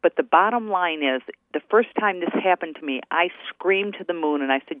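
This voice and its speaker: A woman's voice: fairly low pitch, expressive, fairly quick, dry recording. A woman attorney calling in as a radio guest, telling stories chattily and acting out the quoted dialogue. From New Hampshire. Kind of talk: radio call-in interview. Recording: tinny phone line.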